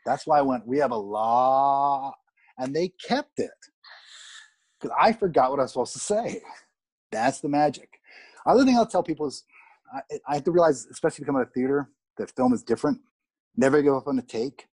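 Man, Canadian, middle-aged, husky voice, dry close recording, candid, animated, swears freely, interview storytelling. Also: medium pitch, fast talker, no echo. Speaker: actor guest.

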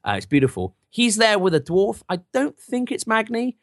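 A man's voice: high voice, no room sound, studio quality. A man on a podcast, animatedly retelling a film in casual chat and acting out bits of it. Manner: animated storyteller, acting out scenes in quick put-on voices. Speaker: podcast host recapping a film.

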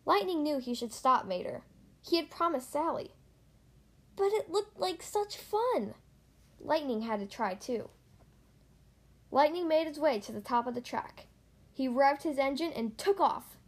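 A woman reading a children's story aloud, gentle and expressive. Her voice sits notably high and bright in pitch for a woman. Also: moderate pace. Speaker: storybook reader.

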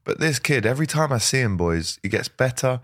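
A young man hosting a casual football chat, chatty and quick with asides and laughs. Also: mid-range voice, expressive, fairly bright tone, no room sound, clean studio sound. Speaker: host.

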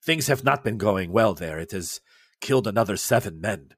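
A scheming Soviet official, voiced by a man who weighs each word. His voice is low and dry. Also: animated, moderate pace, husky, dry recording.

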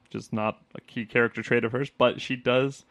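A man co-hosting a casual chat podcast, chatty and quick to laugh, acting out lines as he talks. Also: medium pitch, steady tone, a bit bright, dry recording. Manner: chatty, laughs often, acts out quotes. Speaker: podcast co-host.

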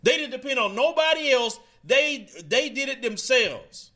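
High bright man in heated commentary. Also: animated, measured pace. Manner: heated, preachy, talking straight to the audience; casual, mocking quotes in other voices. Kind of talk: opinion commentary monologue.

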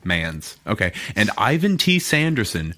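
Podcast dude with a lowish voice, reads his notes out, keeps tripping on the big words. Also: sing-song, pushed and bright. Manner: halting, stumbles over words when reading. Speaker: podcast co-host. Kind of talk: casual chat, reading notes aloud.

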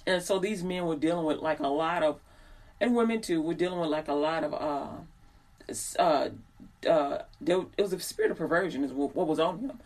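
A woman's voice: sits low, a little fast, darkish tone. A woman in her forties telling a personal story in a casual, rambling way, acting out the people she quotes. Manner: chatty, digressive, acts out quoted people. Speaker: host.

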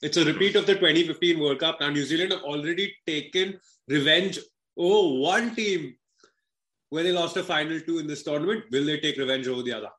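A man's voice: fairly high pitch, a little fast, fairly bright tone. A man co-hosting a podcast in casual cricket chat, joking and laughing often with swearing banter. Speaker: podcast co-host. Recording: echoey room.

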